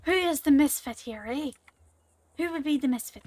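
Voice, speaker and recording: High-voiced bossy woman in a game roleplay. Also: moderate pace, darkish tone, no echo. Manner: bossy, scolding, laughs a lot. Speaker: diner boss in a roleplay. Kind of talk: live-streamed game roleplay.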